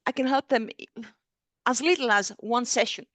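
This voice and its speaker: A woman's voice: fairly high pitch, moderate pace, a bit bright, dry recording. A woman therapist co-hosting a casual discussion over a video call, speaking hesitantly with many fillers and restarts. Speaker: therapist and book club co-host.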